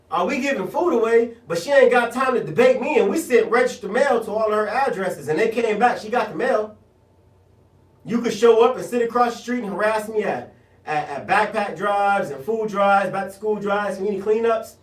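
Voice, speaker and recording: Hosting his radio show, this South Central Los Angeles man, also a political candidate, delivers an animated, blunt monologue full of slang in a Los Angeles accent. His very high voice sounds far from the mic, reverberant, and poorly recorded.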